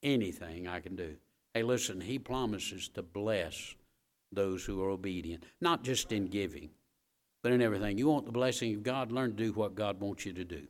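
A man preaching a sermon in a folksy way, repeating key phrases and swinging between quiet, low lines and loud, emphatic bursts. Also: normal speed. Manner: folksy asides to the congregation.

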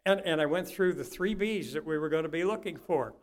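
An older male preacher with a fairly high voice delivers a sermon to a congregation. He talks like a folksy storyteller, dropping into soft asides and then climbing to loud, fervent peaks. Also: brisk.

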